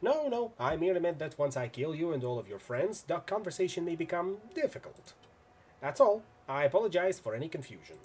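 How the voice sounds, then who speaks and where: A man voicing an excitable, overly polite male mad-scientist villain in a video game, chirpy and courteous with excited outbursts. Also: a little high, a little fast, breathy edge, voice pushed up.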